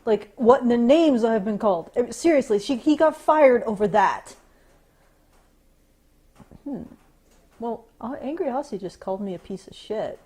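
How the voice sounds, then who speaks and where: A woman's voice: fairly high pitch, expressive, moderate pace, pauses often, mellow, breathy edge. A woman co-hosting a podcast, giving sarcastic, profane commentary that she keeps stopping to restart. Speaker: podcast co-host. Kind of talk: casual ranting commentary.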